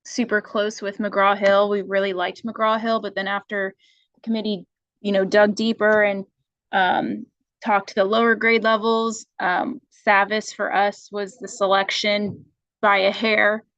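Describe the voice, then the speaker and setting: A woman's voice: mid-range voice, little pitch movement, unhurried, a bit bright, no echo, lo-fi sound. A woman representing a school, speaking informally and with some animation about her committee's choice.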